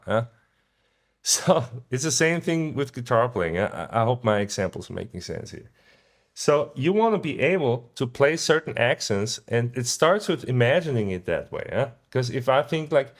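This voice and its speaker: A man teaching guitar in a casual video lesson, relaxed and often ending points with a questioning "yeah?". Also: mid-range voice, moderate pace. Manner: sings short phrases to illustrate ideas.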